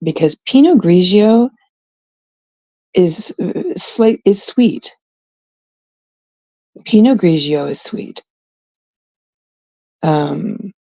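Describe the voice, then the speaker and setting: A woman's voice: on the low side, creaky, warm tone, husky, no room sound. A woman from Canada chatting in a blunt, profane, rambling way, full of fillers, telling a story as a vlogger. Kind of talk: casual storytelling rant.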